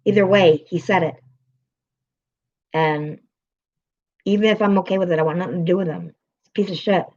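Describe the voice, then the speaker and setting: A woman's voice: lowish voice, fairly even intonation, normal speed, pauses often, darkish tone. Upset woman venting on a lo-fi stream. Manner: upset, emotional, swearing, greeting viewers by name. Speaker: live streamer. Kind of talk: venting to live chat.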